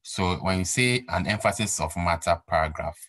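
A man's voice: deep voice, moderate pace, a bit bright, slightly rough, no room sound, rough recording. A man giving a recorded accounting lecture, repeating key points and asking rhetorical questions to stress them. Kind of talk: recorded exam-prep lecture.

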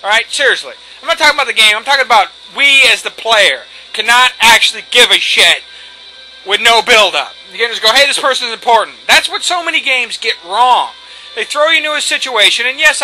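High, very bright-voiced man ranting. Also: slight background noise, poor audio. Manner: rambling, profane, ranting asides. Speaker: let's play host. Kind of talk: casual gameplay commentary. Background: faint video game music.

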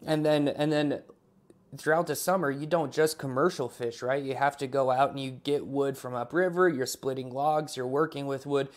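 A man's voice: mid-range voice, steady tone, normal speed. Casual, conversational young-sounding male pastor. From Alaska. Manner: casual, conversational preaching with prayer. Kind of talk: online sermon.

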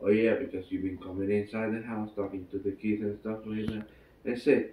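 A man's voice: fairly low pitch, little pitch movement, brisk, phone-quality sound. A man with a Filipino accent casually telling a long story, acting out the quotes and laughing often. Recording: echoey room, mic at a distance, faint ambience.

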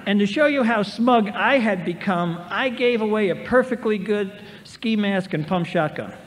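With lively intonation at a normal speed, a high-voiced man in his sixties tells stories at a recovery meeting, poking wry fun at himself. It's reverberant 1990s tape from a large convention hall, carrying a faint hiss.

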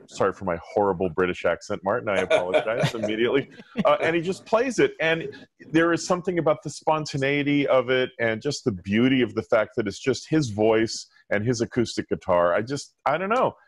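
A man's voice: medium pitch, lively intonation, brisk, dry recording. A man on a podcast panel sharing a favorite song demo, self-deprecating and chatty.

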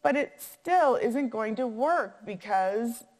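A worried, sighing hostess from a storybook, put on by a woman reading aloud. She speaks in a raised, lively voice that swings up and down, and the sound rings in an echoey room. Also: on the high side, takes it slowly, voice pushed up. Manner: anxious, sighing, keeps getting cut off. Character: fretful woman host, worried about seating.

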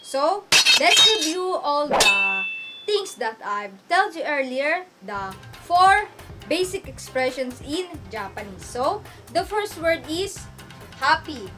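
Slow-speaking woman teaching with music behind. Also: sits high, very animated. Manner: slow, repeats each phrase, frequent restarts in English. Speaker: language teacher. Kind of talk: casual online lesson. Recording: music playing underneath.

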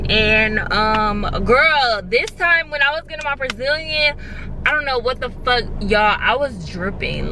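A woman's voice: mid-range voice, background noise. A young woman in her twenties vlogging in casual, candid chat, swearing freely and calling her viewers y'all. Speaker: beauty vlogger.

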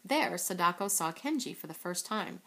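A woman reading a children's book aloud in a steady voice, now and then correcting a slip. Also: fairly low pitch, normal speed, gravelly. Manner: steady, with occasional slips and self-corrections. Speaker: reader.

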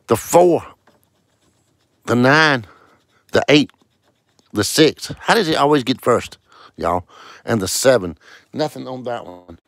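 A man's voice: medium pitch, animated, slow, long pauses, a bit bright, dry recording. A man hosting a casual live stream, greeting viewers one by one in a sing-song way and calling out scratch-ticket numbers. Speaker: livestream host.

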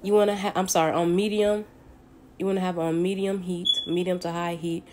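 A Southern woman with a fairly low voice, talking her viewers through breakfast at her own stove. Her chat is folksy and loose, peppered with endearments, and a faint hum of household ambience sits behind her. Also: level tone, a little fast. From Southern United States. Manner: folksy and chatty, calls viewers honey and baby. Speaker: home cook. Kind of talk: casual cooking tutorial chat. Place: home kitchen at the stove.

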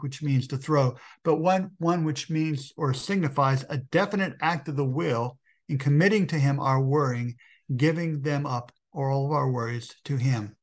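A middle-aged man preaching a sermon as a pastor. He talks earnestly, calls his listeners friends and often stops to restart a word. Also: fairly high pitch.

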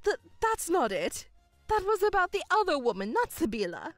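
A woman's voice: extremely high pitch, sing-song, moderate pace, no room sound, faint music behind, pitched above the performer's own voice. A woman voicing a self-pitying, controlling middle-aged mother who whines and stammers in outbursts, in a dramatized story. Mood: indignant.

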